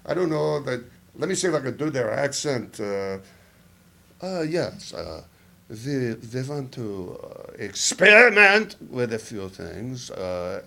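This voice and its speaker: A man's voice: medium pitch, gravelly. A man playing a scheming, wisecracking old spy in an improvised comedy interview, drawling mock-confiding asides. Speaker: comedian in character.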